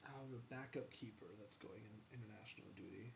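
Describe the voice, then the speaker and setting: A man with a gravelly, creaky voice chats casually through a gameplay session. He rambles in loose asides, muttering his thoughts and answering the game as if it could hear him. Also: lowish voice, brisk, a little hiss or hum. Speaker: gaming channel host.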